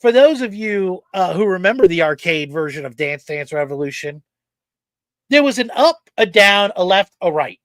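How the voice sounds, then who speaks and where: A podcast host with a high-pitched male voice tells a story at a moderate pace, full of energy and swearing freely throughout. It's a casual chat, recorded with no room sound.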